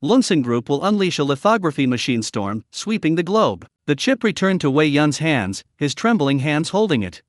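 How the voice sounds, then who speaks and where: Animated male recap narrator. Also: fairly high pitch, moderate pace, hardly any pauses, no room sound, studio quality. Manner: dramatic, emphatic storytelling.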